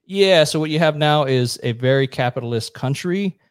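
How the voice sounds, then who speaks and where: An American man on a podcast, explaining history in a blunt, profane, brisk storytelling way. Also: a little high, expressive, clean tone, no echo, clean studio sound. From United States. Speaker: podcast guest. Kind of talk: casual explanatory chat.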